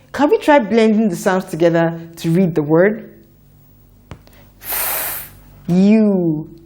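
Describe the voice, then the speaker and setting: A woman teaching a children's phonics lesson, sounding out letters and words slowly for young learners to repeat. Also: mid-range voice, mellow. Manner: slow, deliberate, repeats sounds for children to echo.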